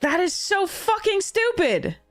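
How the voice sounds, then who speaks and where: A woman streamer with a high, lively voice that swings all over as she rants at the game. She sounds exasperated and swears freely while talking casually to her chat. Faint music plays behind her. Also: unhurried, no echo. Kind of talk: casual livestream commentary while gaming.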